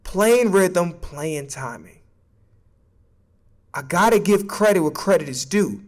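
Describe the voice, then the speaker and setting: A man's voice: sits high, expressive, a little slow, a little mellow. A man streaming a casual sports opinion rant, emphatic and profane, stammering when he gets worked up.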